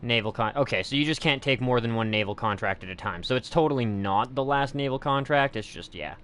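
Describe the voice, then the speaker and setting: A man's voice: medium pitch, a little fast, a bit bright, a little hiss or hum. A young man streaming a game, talking casually to his chat and swearing freely. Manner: crude, swears freely, chats to viewers. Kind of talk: casual let's play commentary.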